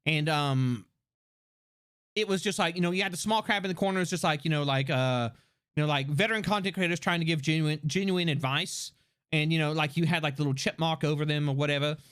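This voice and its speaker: A man hosting a live stream, talking in a casual, rambling, profane and animated way. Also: fairly high pitch, a little fast, clean tone. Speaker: livestream host. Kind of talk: casual livestream chat.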